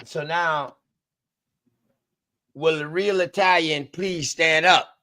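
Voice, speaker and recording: A man's voice: on the high side, takes it slowly, no room sound, clean studio sound. A man hosting a live stream, reacting bluntly and with slang to a history video he is watching. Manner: blunt, animated, swears, interjects with reactions. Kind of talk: casual live-stream discussion.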